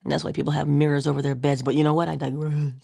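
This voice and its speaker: Woman, livestream host, low-pitched, husky, playful whispery asides. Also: very fast, no echo, studio quality. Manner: playful, drifts between whispery asides and animated quoted voices. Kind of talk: casual motivational livestream talk.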